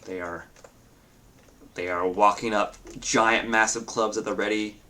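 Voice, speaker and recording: A man's voice: on the low side, fairly even intonation, measured pace, pushed and bright. A man narrating as game master of a tabletop game, describing scenes in a loose way with many fillers.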